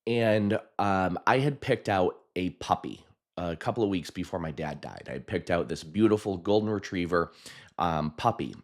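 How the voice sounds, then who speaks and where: A man, a hypnotist, telling a personal story in a chatty, animated way, with frequent laughs and fillers. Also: low voice, normal speed. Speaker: hypnotist and video host.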